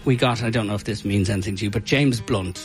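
An Irish man who organizes a music night, telling stories in a casual interview in an animated, chatty way full of fillers. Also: fairly low pitch, quick pace.

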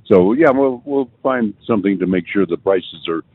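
A man's voice: lowish voice, animated, normal speed, husky, no room sound. A man, a travel agent guest on a radio show, talking in an easygoing, hesitant way with fillers. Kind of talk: casual radio chat. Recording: tinny phone-like sound.

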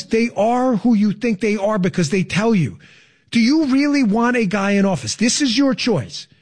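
High, lively sarcastic male talk host. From Florida resident. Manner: sarcastic, incredulous ranting. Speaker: radio talk show host. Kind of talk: political commentary.

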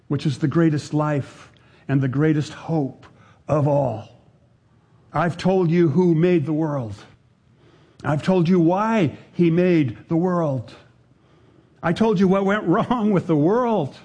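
An older man preaching a sermon, speaking deliberately, repeating his phrases and sinking to a hushed voice to drive a point home. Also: fairly high pitch.

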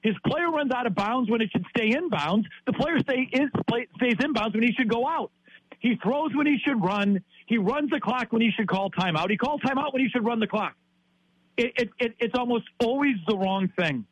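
A man's voice: very high-pitched, expressive, normal speed, breathy edge, dull audio. A man in his fifties from Wisconsin, ranting in heated sports talk, exasperated and repeating himself. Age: 50s.

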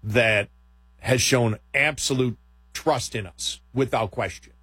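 A man's voice: medium pitch, slow pace, sharp tone, slightly rough, no echo. A middle-aged man, a radio host and podcaster, chatting casually, rambling and laughing as he quotes himself. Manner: rambling, laughing, self-quoting.

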